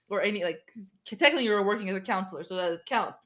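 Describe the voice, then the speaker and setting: A woman's voice: mid-range voice, rapid-fire, a bit bright. Teasing woman podcast host. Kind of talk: casual chat.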